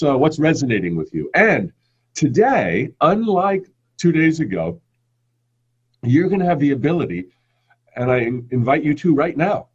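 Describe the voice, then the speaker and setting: A man speaks to his webcam in a live motivational lesson, his husky voice swinging between emphatic bursts and slow, drawn-out words. The stream audio is slightly dull and lo-fi. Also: medium pitch, darkish tone. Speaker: online course teacher.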